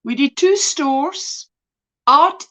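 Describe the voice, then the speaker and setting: A woman's voice: high-pitched, very slow, fairly bright tone. A woman hosting a casual livestream, greeting viewers by name with pet names and laughing often. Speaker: livestream host. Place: indoors at home.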